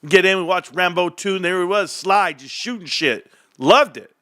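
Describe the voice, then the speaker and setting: Recorded with studio quality and no echo, a man in his forties vlogs about the stock market. His sharp-toned voice sits high and moves at normal speed as he rambles, jokes, and wanders off on tangents in a casual rant.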